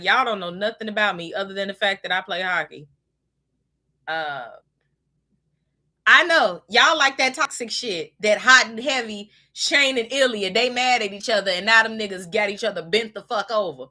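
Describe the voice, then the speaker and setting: A woman hosting a casual podcast, telling a story in a gushing, profane way with loud squeals. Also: medium pitch, moderate pace. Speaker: podcast host. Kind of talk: casual chat. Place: home desk.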